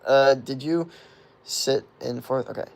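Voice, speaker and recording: Young guy in his 20s, gravelly, easygoing streamer who rambles through chat questions, filler-heavy and profane. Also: medium pitch, a little slow. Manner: rambling, filler-heavy with constant "like", swears freely. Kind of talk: casual livestream chat.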